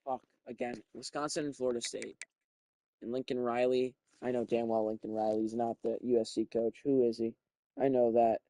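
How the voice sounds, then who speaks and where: A young man giving casual, profane commentary while playing a video game, thinking out loud and getting excited. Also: mid-range voice, moderate pace, dry recording. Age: young adult.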